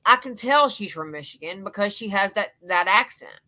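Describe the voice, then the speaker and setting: A woman with a Louisiana Southern accent delivers an emphatic, profane commentary rant. Her voice has a bright, forward edge, and her pitch sits in a middle range for a woman. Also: animated, moderate pace. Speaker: commentary YouTuber.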